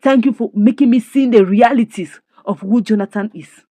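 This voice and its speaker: A woman voicing a regretful mother who speaks in a low, weary, subdued way. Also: normal speed, warm tone, no echo, natural voice. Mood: grateful. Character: regretful mother fed up with her husband.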